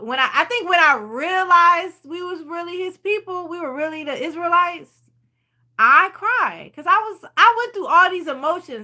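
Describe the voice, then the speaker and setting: A woman with a high, bright voice talks casually to her viewers about faith. She rambles freely and stops to read out their comments. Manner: chatty and rambling, reading viewer comments aloud. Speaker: channel host leading a Bible study.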